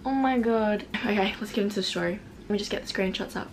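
A woman's voice: mid-range voice, fast, slight background noise. A woman in her late teens telling a storytime to her camera, chatty and self-mocking, with lots of "like". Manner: reads out old messages in put-on voices. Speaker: vlogger. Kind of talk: casual storytime.

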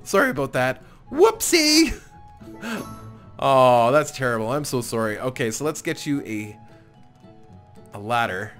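A man's voice: medium pitch, very animated, unhurried, pauses often, a bit bright, faint music behind. A man hosting a let's-play, chatty and self-mocking, often apologizing and laughing as he plays. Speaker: gaming channel host. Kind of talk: casual let's-play commentary.

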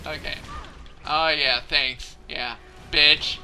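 A man's voice: fairly high pitch, fairly even intonation, slow, sharp tone, slight background noise. A man commentating his own gameplay, getting frustrated, laughing and cursing at failed jumps. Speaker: let's play gamer.

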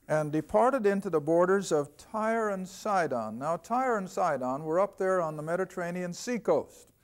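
Older male Bible teacher, high-pitched, homespun and conversational, slows down for scripture. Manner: folksy, conversational teaching, reads scripture aloud slowly. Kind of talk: televised Bible lesson.

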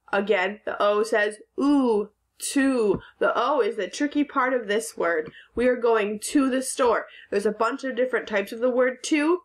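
Lady teacher doing a kids phonics lesson, takes it slow, sounds out every word real patient. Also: a little high. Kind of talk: recorded phonics lesson for children.

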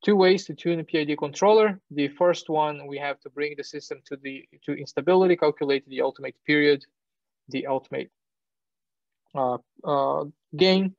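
A male university lecturer explaining technical material, pausing with fillers, correcting himself and checking in with "right?". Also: fairly high pitch, creaky, dry recording. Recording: dull, lo-fi lecture recording.

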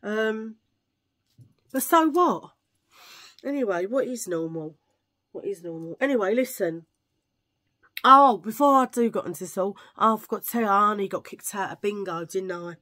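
A woman's voice: medium pitch, normal speed, sharp tone. A woman chatting casually to camera, rambling from one tangent to the next. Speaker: vlogger. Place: at home filming under a ring light.

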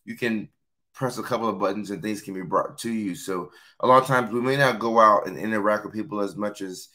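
A man hosting a casual live-stream talk, a little hoarse, chatting and reading out viewer comments. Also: on the low side, fairly quick, bright, forceful tone. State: hoarse from yelling. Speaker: host.

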